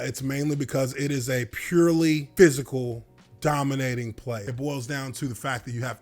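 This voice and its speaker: A man, a former football lineman, telling a story from his playing days in an animated way, swearing and laughing now and then. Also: medium pitch. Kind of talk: storytelling monologue.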